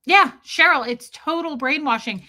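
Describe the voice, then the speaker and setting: Bright, animated woman streamer. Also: sits high, moderate pace. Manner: animated, chatty, greets chatters by name. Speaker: host, livestreamer. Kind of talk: livestream chat commentary.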